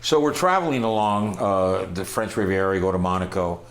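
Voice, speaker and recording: Animated older male storyteller, low voice. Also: fairly quick. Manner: animated, acts out voices, bursts of loud excitement. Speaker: storyteller recalling his travels. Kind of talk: casual spoken storytelling.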